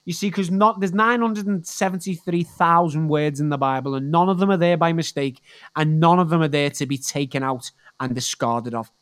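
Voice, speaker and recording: A preacher giving a sermon in a deliberate, emphatic way, repeating key words for weight. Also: mid-range voice, fairly bright tone.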